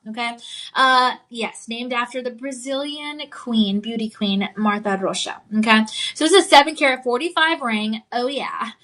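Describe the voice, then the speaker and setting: A woman's voice: high-pitched, sharp tone. A woman hosting a live jewelry sales show, chatty and playful, often checking in with the viewer. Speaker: home shopping host.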